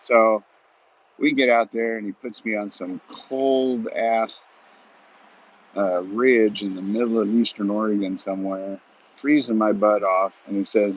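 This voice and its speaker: Folksy low-voiced man telling a rambling story. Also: steady tone, a little slow. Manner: rambling folksy, many "you know" and "he goes". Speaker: vlogger. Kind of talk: casual storytelling monologue. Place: outdoors at shooting practice. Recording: muffled audio with loud gunfire.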